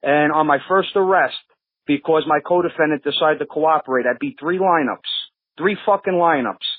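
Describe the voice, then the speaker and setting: A man's voice: on the high side, moderate pace, slightly rough, dry recording. A man with a New York accent, born in Brooklyn, telling stories in a rambling, restarting way on a podcast. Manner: rambling, many restarts and fillers. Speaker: podcast regular. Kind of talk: casual storytelling. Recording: phone-line audio.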